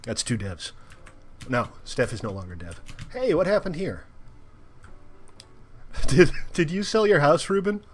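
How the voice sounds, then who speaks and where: A young man hosting a live game stream, chatting playfully with bursts of loud cheering. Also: a little high, sing-song, unhurried, pauses often, slight background noise.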